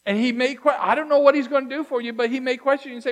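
A man preaching a sermon as pastor, talking to his church in a conversational, emphatic way that swings from loud to hushed. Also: extremely high pitch, fairly even intonation, very fast.

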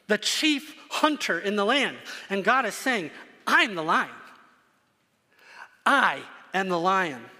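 A man's voice: sits high, bright, forceful tone, long reverb tail. A man preaching a sermon to his congregation, earnest and emphatic, repeating phrases for stress. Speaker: pastor.

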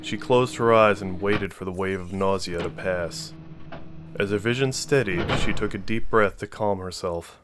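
Male narrator, lowish voice, steady audiobook reading. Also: normal speed, noisy background.

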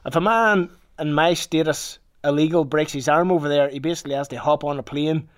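A man's voice: fairly high pitch, fairly quick. A man with a Northern Irish accent telling a rambling personal story in casual talk, swearing freely. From Northern Ireland.

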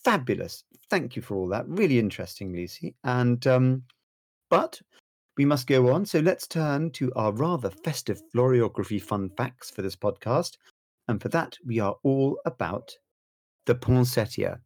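A man's voice: medium pitch, animated, normal speed, no room sound. Man, theatrical, gushing, podcast co-host, dry sound. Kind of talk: casual chat reading facts.

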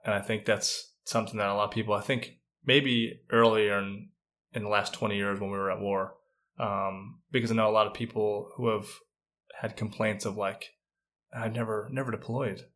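A man co-hosting a casual podcast chat, a retired airman telling stories in a relaxed way with many fillers. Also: lowish voice, moderate pace. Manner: relaxed storytelling with filler words.

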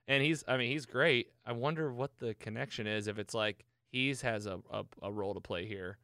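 A man hosting a casual show, recapping an episode in an excitable, chatty way with lots of fillers. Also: mid-range voice, brisk, few pauses, dry recording, clean studio sound. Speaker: podcast host.

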